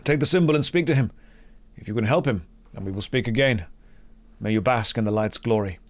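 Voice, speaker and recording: A man's voice: mid-range voice, fairly quick, close to an everyday voice. A man voicing a solemn, formal male quest giver of a holy order.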